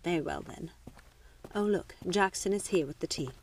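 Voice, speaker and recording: A woman's voice: on the low side, moderate pace, breathy edge. A woman reading as a haughty aristocratic mother. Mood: imperious. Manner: clipped, imperious.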